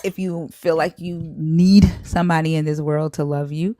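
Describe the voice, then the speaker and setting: Low-voiced woman hosting a live stream. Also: fairly even intonation, normal speed, dark tone, dry recording, studio quality. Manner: blunt, frank, with restarts. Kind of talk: casual live stream chat.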